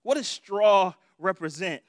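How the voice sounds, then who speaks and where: A man's voice: high voice, expressive, unhurried, no echo, clean studio sound. A man preaching a sermon in a conversational, playful way, often checking in with "right?".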